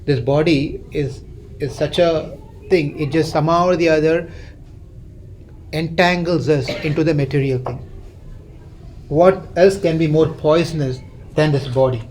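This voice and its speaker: A man's voice: on the high side, a little slow, pauses often, a little mellow, slight background noise, poor audio. A man teaching a scripture class, retelling a story, often repeating or restarting phrases and quizzing his listeners.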